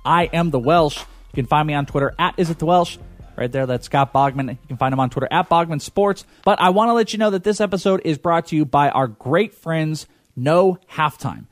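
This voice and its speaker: A man's voice: fairly high pitch, a little fast, no echo, soft background music. A man hosting a sports podcast, upbeat and playful, reading a sponsor spot. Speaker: podcast host. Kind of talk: casual podcast hosting with ad read.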